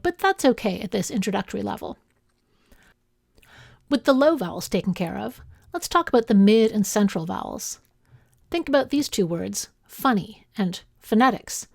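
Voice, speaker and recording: A linguistics instructor with a Canadian accent and a medium-pitched voice reads a scripted lecture clearly and in a measured way, slowing to sound out example words. The recording is dry and studio quality.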